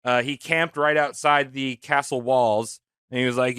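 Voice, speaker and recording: A man's voice: medium pitch, steady tone, normal speed, a bit bright, clean tone, no echo, clean studio sound. A man on a comedy podcast telling history in a jokey, slangy way, acting out quotes. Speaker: podcast host.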